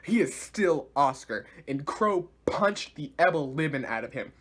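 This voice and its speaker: A man giving a casual video review of a series, animated and slangy, laughing often. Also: a little high, a little slow.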